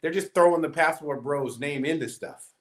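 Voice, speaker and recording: A man's voice: on the high side, normal speed. A man casually recounting a story, acting out quoted dialogue as he goes. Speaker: guest.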